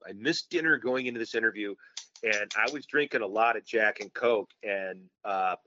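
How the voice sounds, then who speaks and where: A man telling a story as a podcast guest, excitable and loudly acting out the lines he quotes. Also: on the low side, moderate pace, lo-fi sound, slight background noise. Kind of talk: animated storytelling in casual chat.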